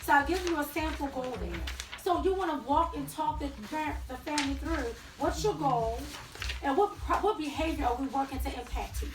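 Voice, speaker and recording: A woman leading a training workshop, talking directly to her audience in an animated way. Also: sits high, brisk. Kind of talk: teaching a workshop with role-play. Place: training room. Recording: echoey room from far off, faint noise.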